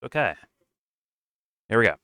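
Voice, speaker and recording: A man hosting a casual reaction stream, pausing a clip to comment in a rambling, profane way. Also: pushed and bright, no echo, clean studio sound.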